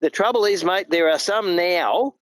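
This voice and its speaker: A middle-aged Australian man speaks with blunt, colloquial emphasis. His voice sits a touch high for a man. The sound is close and dry. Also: moderate pace, no room sound, poor audio. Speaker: truck driver guest. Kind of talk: casual chat.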